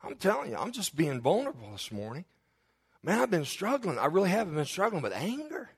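A man's voice: high voice, huge pitch swings, brisk, slightly rough. A male pastor preaching a sermon in church, telling confessional, humorous stories to his congregation.

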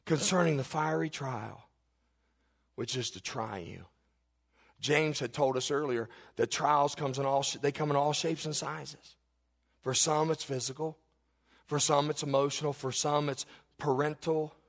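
A man preaching a sermon as a pastor, telling a personal story and building to fervent, shouted exhortation. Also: fairly high pitch, steady tone, a little slow, gravelly, long reverb tail.

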